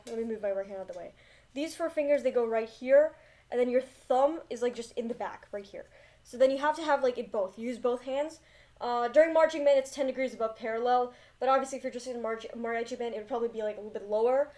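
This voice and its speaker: A woman's voice: a little high, a little mellow. A young woman giving casual, rambling, self-deprecating commentary on a film, recorded on a laptop mic. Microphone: laptop built-in mic.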